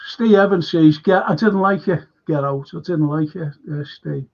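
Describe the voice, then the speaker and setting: Gravelly man hosting a film chat. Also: fairly high pitch, moderate pace, darkish tone, lo-fi sound. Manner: chatty, repeats words, reads viewer comments aloud. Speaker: live stream host.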